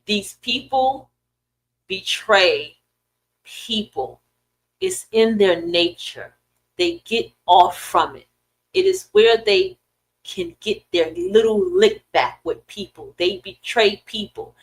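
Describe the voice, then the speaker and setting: A middle-aged woman hosting a podcast, ranting in casual, profane commentary with sudden loud swings and a dry throat. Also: mid-range voice, expressive, takes it slowly, poor audio. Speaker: podcast host.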